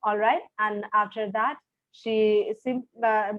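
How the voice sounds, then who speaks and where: Speaking slowly and flatly at a medium pitch, a woman teaches literature as an English teacher on a video call. She walks through each passage step by step, checking in with "all right," and the call audio is dry, tinny and phone-like.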